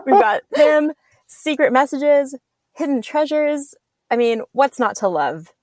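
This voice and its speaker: Bubbly giggly woman cohost, bouncy high voice, dry close sound. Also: big pitch swings, slow, darkish tone, dry recording. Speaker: podcast co-host. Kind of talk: casual chat.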